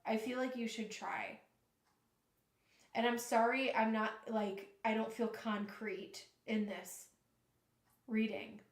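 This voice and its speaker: A woman's voice: fairly high pitch, level tone. Earnest tarot-reading woman, echoey room. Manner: earnest, emotional, halting with restarts. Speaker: tarot reader.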